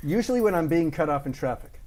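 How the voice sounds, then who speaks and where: A man's voice: fairly high pitch, animated, darkish tone, slight background noise. A man from Canada with a Canadian accent, a voice impressionist guest chatting casually and cracking jokes. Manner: jokey, quick with punchlines. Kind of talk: casual interview chat.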